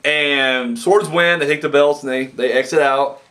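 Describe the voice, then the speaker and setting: A man reviewing a wrestling show in a casual, excitable way, full of fillers, restarts and quoted reactions. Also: on the high side, unhurried.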